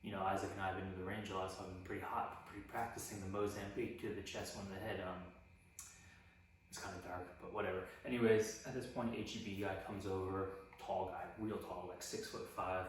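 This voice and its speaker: Low, flat-voiced man telling a story. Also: fairly quick, distant mic, a little hiss or hum. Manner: relaxed, rambling, frequent "like" fillers. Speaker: vlogger recounting a personal story. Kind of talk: casual spoken storytelling. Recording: echoey room, voice off mic.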